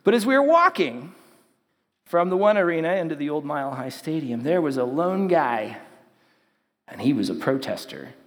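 Youth preacher, male, high tenor voice, chatty storyteller, hall echo behind him. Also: sing-song, normal speed, a bit bright. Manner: conversational storytelling, acts out quotes. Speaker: youth pastor. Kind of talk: sermon to young people. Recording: long hall reverb.

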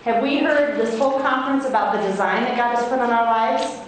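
A middle-aged woman from Iowa giving a devotional Bible talk at a women's conference, speaking earnestly and slowing down to read verses. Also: a little high. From Iowa, United States. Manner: earnest, emphatic, reads verses slowly; self-described feisty. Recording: very echoey hall, faint noise.

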